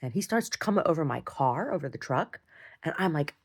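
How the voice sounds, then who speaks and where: A woman's voice: low voice, sing-song, brisk, breathy edge. A woman rambling through a casual, self-deprecating video diary at home. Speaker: video diarist.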